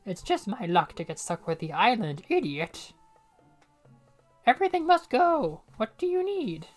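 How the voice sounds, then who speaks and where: A woman's voice: on the high side, big pitch swings, a little slow, faint music behind, pitched above the performer's own voice. A woman voicing an impatient, rude shopkeeper who snaps at customers to buy something. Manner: pushy, snappy, calling out to customers.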